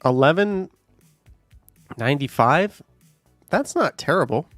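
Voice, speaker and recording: A man's voice: a little high, lively intonation, takes it slowly, fairly bright tone, no room sound, soft background music. A man live-streaming, chatting casually and reading viewer comments aloud, musing in a rambling way with lots of fillers. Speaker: live-streaming walking vlogger.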